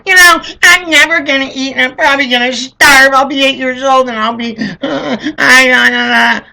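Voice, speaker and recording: A man's voice: extremely high pitch, fairly even intonation, moderate pace, vocal fry, bright, forceful tone, pitched above the performer's own voice, heavily acted, low-quality recording. A man voicing a whiny eight-year-old boy who stammers and pleads for lunch. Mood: whining.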